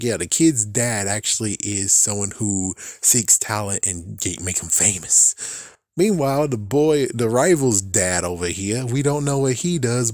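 A man's voice: fairly low pitch, darkish tone, no room sound, clean studio sound. Rambling slangy man reviewing books. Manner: rambling, slangy, laughs often, exaggerated asides. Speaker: book review vlogger.

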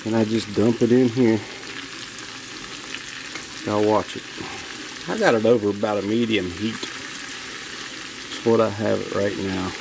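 A man's voice: fairly low pitch, fairly even intonation, takes it slowly, gravelly, pauses often, background noise. A man hosting a casual cooking vlog, talking straight to his viewers in a folksy, enthusiastic way. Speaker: outdoor cooking channel host. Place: home kitchen with food frying. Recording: faint kitchen sizzle behind.

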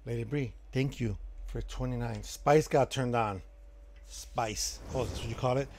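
A man live-streaming a game, chatting casually with his viewers and reacting loudly to the action. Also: mid-range voice, measured pace.

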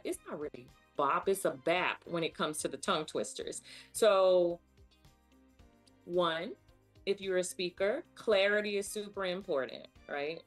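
A woman with a slightly low voice talks through vocal care and tongue twisters in an upbeat, playful coaching manner. Faint music sits under her voice. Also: a bit bright. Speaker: speech pathologist guest. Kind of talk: casual instructional chat.

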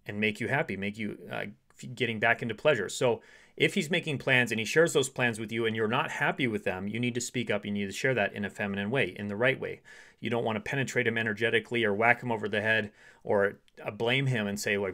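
A relationship coach with a lowish voice and quick pace gives dating advice to women, addressing the listener directly. He acts out brief example conversations, shifting to a softer voice for the quoted lines.

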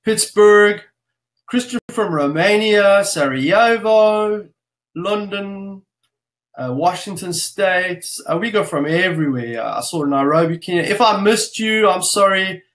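A man's voice: high voice, lively intonation, measured pace, a bit bright. A man hosting a live webinar, greeting viewers by name and place in an upbeat, casual way. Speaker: webinar host.

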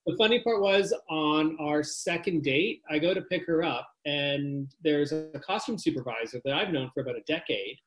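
A man's voice: fairly high pitch, moderate pace, hardly any pauses, low-quality recording. A man filmmaker as a podcast guest, laid-back, telling anecdotes in a dry casual way. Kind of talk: casual interview chat.

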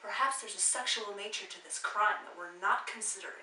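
An actress playing a bossy, squeamish amateur crime investigator, brash and theatrical, on a small stage. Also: female voice, medium pitch, brisk, bright, forceful tone, slight background noise. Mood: eager. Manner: brash, theatrical, easily grossed out. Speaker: stage actor. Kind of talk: live comedy stage acting. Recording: echoey theater room.

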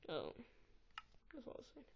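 A woman giving casual, excitable and easily exasperated commentary while playing a game, recorded on a tablet's built-in mic. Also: normal speed, lo-fi sound, slight background noise. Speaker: gameplay recorder.

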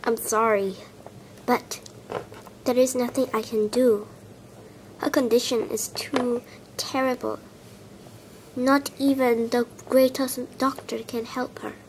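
A woman voicing a gentle clan healer animal in a homemade toy drama, calm and solemn. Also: a little high, takes it slowly, long pauses, slight background noise, rough recording. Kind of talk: toy-figure fan drama acting.

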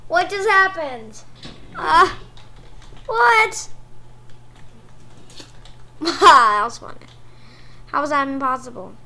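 A woman commentating on her own gameplay, excitable, cheering and shrieking at what happens on screen. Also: sits high, measured pace, gravelly, poor audio. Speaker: gaming commentator. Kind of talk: let's play commentary.

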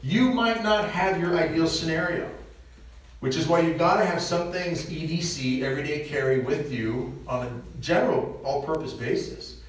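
A middle-aged Nebraska man with a fairly high voice talks at a moderate pace to a parish audience in a large church. He's conversational and joking, full of asides and chuckles, and the recording sounds echoey and distant.

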